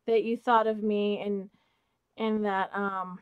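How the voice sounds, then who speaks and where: Woman, mid-pitched, gushing craft-haul vlogger, close dry mic, drifts soft and breathy. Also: slow pace, pauses often, no echo. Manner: gushing, excited, repeats "oh my gosh". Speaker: craft channel host. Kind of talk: unboxing haul vlog. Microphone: close mic, off camera.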